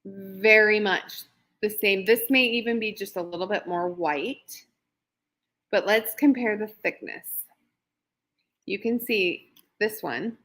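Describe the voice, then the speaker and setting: A woman's voice: medium pitch, a bit bright. A woman who owns a small shop, presenting new products on a live shopping stream in a bubbly, gushing, chatty way.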